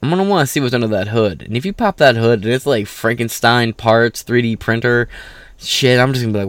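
A man's voice: medium pitch, a little fast, dry recording. A tired man hosting casual political commentary, reading an article aloud with rambling, profane, sarcastic asides.

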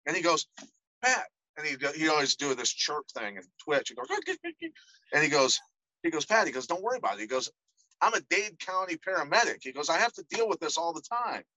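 A middle-aged man tells stories as a podcast guest, animated and quick to act out the voices of the people he quotes. His voice is bright and forceful, and it sounds dry and close to the mic. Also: fairly high pitch, no echo, rough recording. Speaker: podcast guest, former fighter. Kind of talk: casual storytelling interview.

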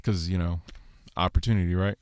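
Chatty man teaching Torah, low smooth voice. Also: brisk, no room sound. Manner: conversational, acts out quoted people in lively voices; self-deprecating humor with laughs.

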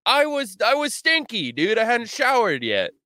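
A man's voice: very high voice, huge pitch swings, moderate pace, bright, forceful tone, no room sound, studio quality. Young man ranting with lots of swearing. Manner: profane, rambling storytelling. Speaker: podcast co-host. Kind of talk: casual chat.

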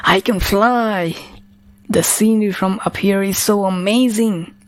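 A woman's voice: fairly low pitch, fairly even intonation, takes it slowly, no room sound. A woman voicing a lazy, world-weary young man who sighs and mumbles his lines. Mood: astonished.

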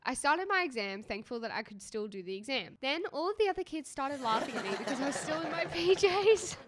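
A young woman with a high, bright voice that swoops up and down as she tells stories. She giggles her way through a casual podcast chat, reading a listener's dream aloud. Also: lively intonation, brisk, slight background noise. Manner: giggly, bouncing between storytelling and laughter. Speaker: podcast co-host.

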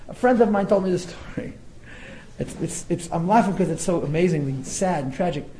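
Male teacher leading a text-study class; high, lively voice that jumps around, laughs a lot and acts out the quotes. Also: low-quality recording. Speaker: Torah teacher.

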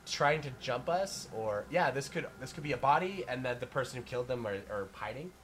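Excitable, bright-voiced young man. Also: medium pitch, brisk, slight background noise, low-quality recording. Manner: excitable, swears casually. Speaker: player. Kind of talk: casual tabletop game chat.

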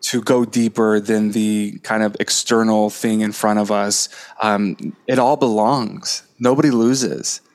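A man's voice: fairly low pitch, level tone, unhurried, hardly any pauses. A man speaking as a podcast guest, passionate and spiritual, stressing his points through repetition. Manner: impassioned, spiritual, repetitive emphasis. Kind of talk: casual conversational interview.

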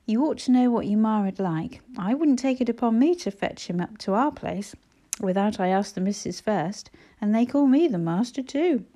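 A woman putting on a gruff country bailiff. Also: fairly high pitch, lively intonation, moderate pace, warm tone. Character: country farm bailiff, gruff older man.

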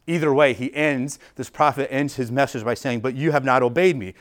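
A male pastor delivers a sermon in a relaxed, talky manner, thinking aloud as he explains the passage. His voice sits in an ordinary middle pitch. He often repeats words and falls back on "like" as he goes. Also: fast, hardly any pauses. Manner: casual and explanatory, frequent "like" and restarts. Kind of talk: conversational sermon.

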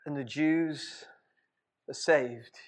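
A man preaching a sermon as a lively storyteller, with frequent laughs and rhetorical asides. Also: fairly high pitch, extremely slow. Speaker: pastor.

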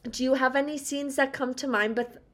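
High-voiced bubbly young woman podcaster. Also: fairly even intonation, a little fast, fairly bright tone. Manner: bubbly, gushing, laughs often, many "like" fillers. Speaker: podcast co-host. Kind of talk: casual chat.

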